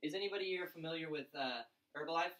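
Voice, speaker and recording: A young man telling his story and pitching to a room of college students, excited and fast, acting out other people's lines. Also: roomy sound, distant mic, poor audio. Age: young adult. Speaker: event speaker. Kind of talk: energetic pitch talk to a crowd.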